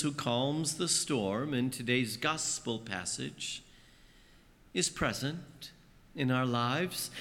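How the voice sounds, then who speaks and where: Priest preaching in a reverberant church. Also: male voice, fairly bright tone. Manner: storytelling, acting out voices with big swings in pitch. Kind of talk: sermon.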